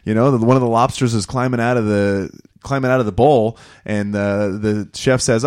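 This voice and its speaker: Man, lowish voice, rambling casual talker, animated. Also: moderate pace, hardly any pauses, smooth. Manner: rambling, animated, lots of "you know". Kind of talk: casual chat.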